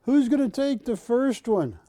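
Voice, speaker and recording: Man, shopping channel host, high voice, slow pitch, warm and mellow, dry studio sound. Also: big pitch swings, no echo. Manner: persuasive, repeats words for emphasis. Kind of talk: live TV sales pitch.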